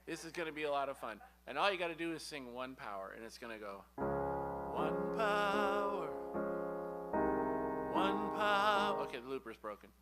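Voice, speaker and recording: A man's voice: medium pitch, steady tone, racing, few pauses. A male musician chatting and joking with a congregation as he sets up a sing-along. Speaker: church musician. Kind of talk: casual talk to a congregation. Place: spiritual center service room. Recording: live speech over loud piano.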